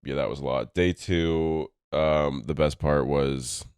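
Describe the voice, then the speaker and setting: A young man co-hosting a casual podcast chat, animated and laughing often as he tells stories. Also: slow, clean tone, no echo, clean studio sound. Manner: animated, laughs often, jumps into high-pitched squeals when retelling stories. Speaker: podcast co-host.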